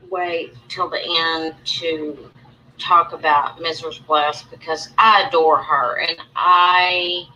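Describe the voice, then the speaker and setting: A woman with a fairly low, sharp-toned voice hosts a casual livestream, rambling through her grievances in an aggrieved way and greeting chat viewers by name. She repeats herself and restarts often. The recording is muffled, with slight background noise.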